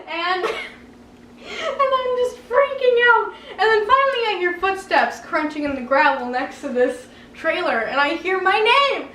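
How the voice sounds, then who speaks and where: High-voiced woman telling a dramatic story. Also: far from the mic, a little hiss or hum. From Canada. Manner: animated, dramatic, laughing often. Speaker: vlogger. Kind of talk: story-time vlog. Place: at home. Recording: roomy room, a bit off mic.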